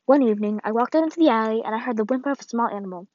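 A woman reading the farewell letter of an old, ailing grandmother in a solemn, measured way, on a dull, lo-fi recording. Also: a little high, a little mellow, no echo, natural voice. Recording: dull, lo-fi dry read.

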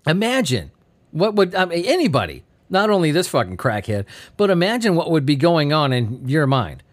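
A male podcast host riffing on strange news stories, slightly high for a man and very lively in pitch. He swears a lot and keeps breaking into laughter, sounding sleepy and giddy. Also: moderate pace. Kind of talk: casual comedic news commentary.

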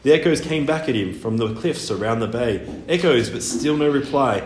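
A man reading a children's storybook aloud in an expressive narrating voice. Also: medium pitch, normal speed. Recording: echoey room, faint hiss.

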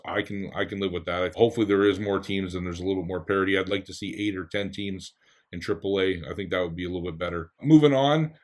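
A fairly low-voiced man hosts a casual sports podcast. He talks in a loose, conversational way and winds through long questions before getting to the point. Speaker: podcast host and football coach.

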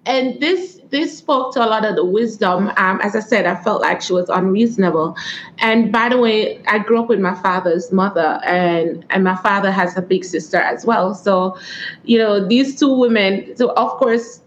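A woman with a Jamaican accent answering interview questions as a guest author and coach, earnest and quick to laugh. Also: medium pitch, a little hiss or hum. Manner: earnest, testimonial, laughs often. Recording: echoey, dull lo-fi room sound.

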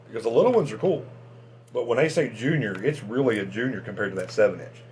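Man, fishing channel host, casual chat, excitable, rambling with restarts, middle pitch, faint background noise. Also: fast.

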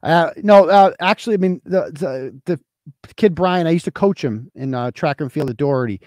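A man's voice: on the high side, normal speed, darkish tone, no room sound. A man in his forties from Massachusetts, hosting a casual livestream, reading chat and ranting with lots of swearing and sarcasm. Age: 40s. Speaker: host.

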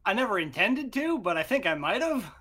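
A man's voice: high voice, very animated, a little fast, pushed and bright, slightly rough. A man on a podcast with friends, exasperated and teasing about his roommate. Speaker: podcast co-host. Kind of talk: casual chat.

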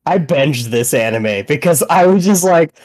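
Male podcast co-host, profane and laughing, animated storyteller. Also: fairly high pitch, normal speed. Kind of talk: casual chat.

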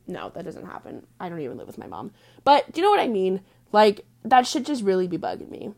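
A young woman rants to camera in a loose, unscripted vlog. She is blunt and foul-mouthed, leans on filler words, and sometimes drops to a hushed aside. Her pitch sits in a middle range. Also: wildly swooping pitch, fairly quick, vocal fry. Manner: blunt, crude, heavy on "like" fillers. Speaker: vlogger. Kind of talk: casual profane venting monologue.

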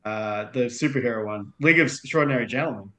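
A man's voice: mid-range voice, quick pace, a bit bright. An Australian man talking casually as a podcast guest, rambling and filling his sentences with "like". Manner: rambling, leans on "like" a lot. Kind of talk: casual film discussion.

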